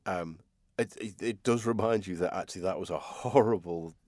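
A man's voice: sits low, normal speed, a little mellow. A young man co-hosting a casual podcast about films and TV, rambling with lots of ums and easy laughs.

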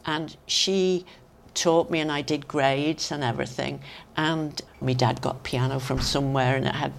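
An older woman with a Manx accent, a lively storyteller who laughs often, reminiscing in a conversation. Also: low-pitched, measured pace, vocal fry, slight background noise. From Isle of Man. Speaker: interviewee.

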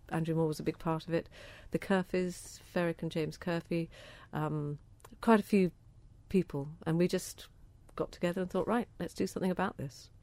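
A woman's voice: fairly low pitch, a little mellow, dry recording. A middle-aged woman with a southern English accent, answering interview questions about a cause she cares about in an enthusiastic, chatty way, often repeating words as she starts a thought. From southern England. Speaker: interviewee, organic food campaigner.

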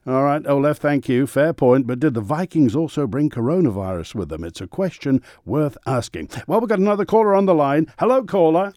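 A man's voice: a little high, very animated, normal speed, hardly any pauses, darkish tone, no echo, studio quality. Chirpy man hosting a spoof phone-in. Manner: chirpy, wry. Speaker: radio host.

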